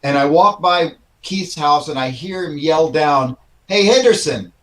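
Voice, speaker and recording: A man telling a quick, joking story as a guest musician on a casual panel, talking over a video call from home. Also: on the high side, fairly bright tone, rough recording. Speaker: guest guitarist.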